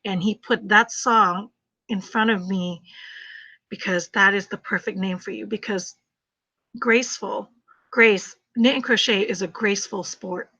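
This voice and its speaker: Chatty bright-voiced woman on a livestream. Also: mid-range voice, steady tone, unhurried, breathy edge. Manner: chatty, emphatic, laughs often, repeats phrases. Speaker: crochet livestream host. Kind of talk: casual livestream chat while crocheting. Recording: slightly muffled livestream audio.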